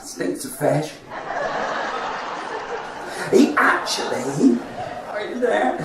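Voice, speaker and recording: Comedian telling jokes, echoey. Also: male voice, high voice. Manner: rambling anecdotal one-liners. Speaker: comedy show host. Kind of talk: stand-up joke telling. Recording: echoey, distant, faint noise.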